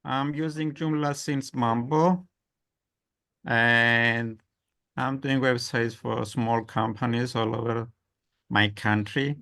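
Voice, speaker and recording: A man's voice: medium pitch, creaky, fairly bright tone. A man from Cyprus, giving a short, earnest introduction on a video call. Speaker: web developer.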